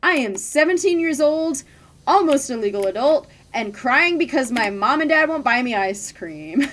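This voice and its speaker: A woman's voice: sits high, expressive, normal speed, a bit bright. Chatty, candid young woman streamer. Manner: candid, chatty, frequent "like" fillers. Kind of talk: casual chat while gaming.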